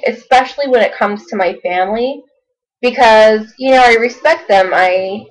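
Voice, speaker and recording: A woman's voice: on the high side, rough recording. Chatty young woman, rambling video diary. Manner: chatty, rambling, many fillers. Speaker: vlogger.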